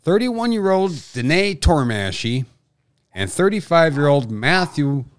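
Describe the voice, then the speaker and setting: Heard with a faint hiss or hum, a North Dakota man with a sing-song voice on the high side trades crude, casual podcast banter. He swears freely, speaks bluntly, and readily needles his co-host.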